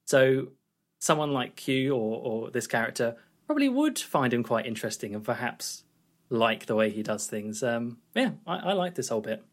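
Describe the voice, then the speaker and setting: A man's voice: mid-range voice, sing-song, moderate pace. A man co-hosting a film podcast, recapping scenes in a loose, rambling chat. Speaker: podcast co-host. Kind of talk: casual film review chat.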